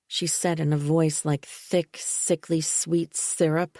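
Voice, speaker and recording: A woman reading a psychological thriller audiobook in first person, measured and unhurried. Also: low-pitched, level tone, darkish tone, no room sound, clean studio sound. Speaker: audiobook narrator.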